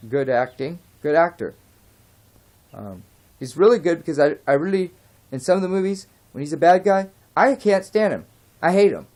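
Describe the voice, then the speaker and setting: A man vlogging an unscripted rant, his voice sitting a little higher than most men's. He talks heatedly, rambles, drifts off topic and throws in the odd curse before apologizing. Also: a little mellow. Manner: rambling, heated, goes off track; swears and apologizes.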